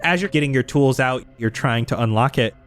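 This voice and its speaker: A man as game master narrating scenes and reading out show promotions in a brisk, upbeat way. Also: medium pitch, fairly bright tone, soft background music. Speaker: game master and podcast host. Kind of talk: game narration and sponsor read-out.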